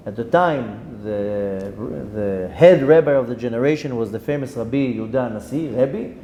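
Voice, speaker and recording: A man, a rabbi giving a Torah lesson, telling a story with animated delivery, dropping in Hebrew terms and restarting his sentences. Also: medium pitch, moderate pace, hardly any pauses, a little hiss or hum. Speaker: rabbi teaching a Torah class.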